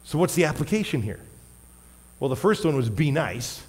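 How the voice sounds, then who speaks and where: A man preaching a sermon as a pastor, wearing a microphone, emphatic, with loud stressed words and quiet asides. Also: on the high side, big pitch swings, moderate pace. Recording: long hall reverb.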